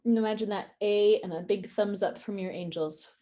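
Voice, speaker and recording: A woman leading a guided session for releasing perfectionism, speaking in a calm and instructive way, with tapping and breathing directions. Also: medium pitch, moderate pace. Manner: calm, instructive, with some fillers.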